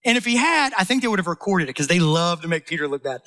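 Animated, high-voiced male preacher. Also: quick pace. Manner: animated, playful, talks directly to the congregation. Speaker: pastor. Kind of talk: sermon.

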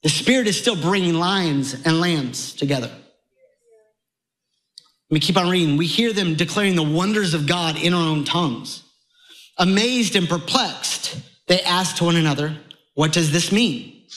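A man preaching a sermon to a congregation, conversational and animated, his voice jumping higher as he gets excited. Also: normal speed, rough recording. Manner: animated, conversational preaching with sudden rises in pitch. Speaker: pastor.

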